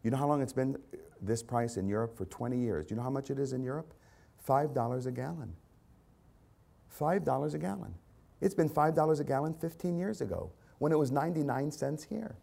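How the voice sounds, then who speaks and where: A man's voice: medium pitch, fairly quick, gravelly, warm tone. Male pastor with emphatic repeated questions. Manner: repetitive rhetorical questions, emphatic. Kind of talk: sermon.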